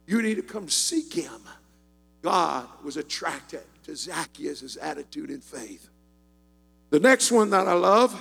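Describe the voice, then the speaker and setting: High-voiced, gravelly preacher man. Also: big-room sound. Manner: rising into shouted, sing-song preaching. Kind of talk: preaching sermon. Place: church sanctuary.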